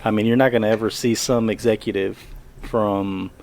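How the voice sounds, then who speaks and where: Lower-voiced man, blunt and profane. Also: fairly even intonation, moderate pace, darkish tone, a little hiss or hum. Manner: blunt, swears freely. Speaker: podcast co-host. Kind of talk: casual discussion.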